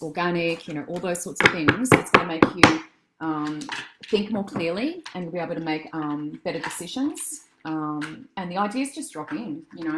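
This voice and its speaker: A woman as a psychic medium doing a live-stream reading. She chats with viewers, calls them darling and love, and wanders through her thoughts with soft fillers. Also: lowish voice, heavy background noise. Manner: chatty and meandering, many soft fillers.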